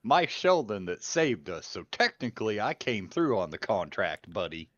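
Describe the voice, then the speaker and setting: A man's voice: fairly low pitch, very animated, normal speed, dry recording, lo-fi sound. A man voicing a brash, scruffy human hired guard who speaks blunt and offhand.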